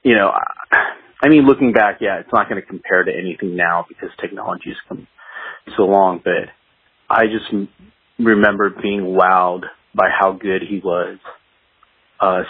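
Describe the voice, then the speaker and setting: A man with a husky, low-pitched voice tells rambling stories from his days as a guitarist and laughs between them. He comes through a thin, phone-like line. The sound is dry, with no room echo. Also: fairly even intonation, normal speed. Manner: rambling and anecdotal, laughs while telling stories. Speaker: guest musician, guitarist. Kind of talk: casual interview storytelling.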